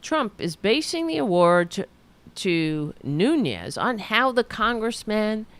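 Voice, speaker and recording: Slow, animated woman reading news sarcastically. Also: clear, resonant tone. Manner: sarcastic asides while reading, lively pitch. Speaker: political podcast host. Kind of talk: casual commentary, reading news aloud.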